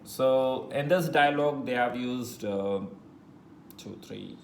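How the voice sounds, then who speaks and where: A man teaching a French lesson in English, patiently repeating phrases slowly and spelling words letter by letter. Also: medium pitch, creaky. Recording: echoey room with faint noise.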